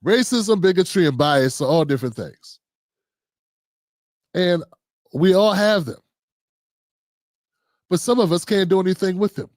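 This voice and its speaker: A man's voice: high-pitched, a little slow, pauses often, darkish tone, dry recording. A man from Maryland hosting a livestream, talking casually and often asking "you know what I'm saying". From Maryland, USA. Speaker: livestream host. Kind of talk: casual monologue.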